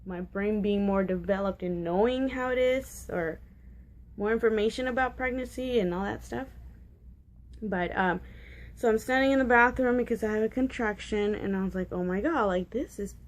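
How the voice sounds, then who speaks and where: A young woman in her twenties talks straight to her camera in a loose, chatty vlog. Her voice sits at a middling pitch, and she rambles with lots of "like" and "um" and frequent restarts. She is candid and a little giggly about awkward details. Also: normal speed. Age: 20s. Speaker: vlogger. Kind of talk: casual storytelling vlog.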